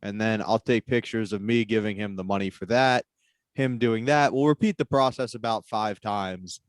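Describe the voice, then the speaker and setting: Low-voiced man telling a deadpan story. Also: normal speed, no echo. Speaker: guest comedian. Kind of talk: casual chat. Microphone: video call.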